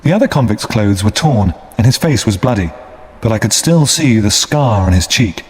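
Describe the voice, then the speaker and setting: A man narrates a storybook in a clear, measured way for English learners. His pitch moves in a lively way through the sentences. A long hall reverb hangs behind his voice.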